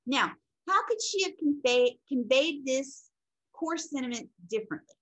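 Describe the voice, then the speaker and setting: Lady teaching a counseling class, kinda high voice, really expressive, acts out little scenes. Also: normal speed, poor audio. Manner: animated, acts out quoted people. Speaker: counseling instructor. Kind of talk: informal teaching lecture.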